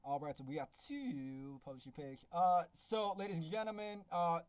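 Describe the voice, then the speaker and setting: Breathless, excitable male vlogger, high-pitched, dry close sound, gushing book reviewer. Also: normal speed, clear, resonant tone, no room sound. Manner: excitable, repeats exclamations. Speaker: beta reader and self-published author. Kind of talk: casual reading review vlog.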